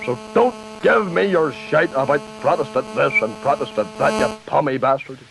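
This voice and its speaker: A man's voice: a little high, animated, moderate pace, vocal fry. A man with a Northern Irish accent voicing a foul-mouthed old preacher-politician in a comedy sketch, ranting and menacing. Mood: abusive. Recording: dull lo-fi record with faint hiss.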